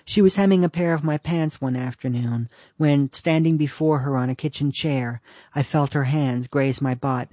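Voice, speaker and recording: A man's voice: medium pitch, normal speed, dark tone, no echo. A man reading his own humorous personal essay aloud with a dry, understated delivery.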